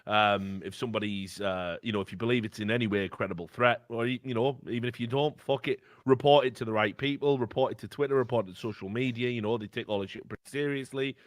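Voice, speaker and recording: A man's voice: medium pitch, steady tone, quick pace, hardly any pauses, dry recording, clean studio sound. A man co-hosting a casual podcast, talking in a rambling, emphatic, profane way. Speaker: podcast co-host.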